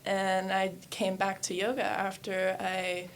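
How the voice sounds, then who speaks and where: A woman's voice: medium pitch, monotone, slow pace. A woman in her thirties, a yoga studio owner, telling her life story candidly in a casual interview, with many fillers. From New Hampshire and West Virginia.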